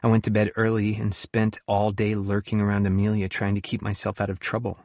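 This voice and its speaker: A man's voice: lowish voice, monotone, a little fast, darkish tone, dry recording, lightly acted. A man voicing an earnest, hurt young woman who works as a camp counselor, in an audiobook. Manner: earnest, hurt, talks frankly about her feelings. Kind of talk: audiobook dialogue reading.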